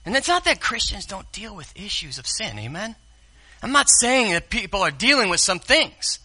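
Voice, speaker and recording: A man preaching a sermon as pastor, speaking straight to the congregation and swinging from hushed asides to loud exclamations. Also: high voice, very animated, normal speed, slightly rough. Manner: addresses the congregation directly.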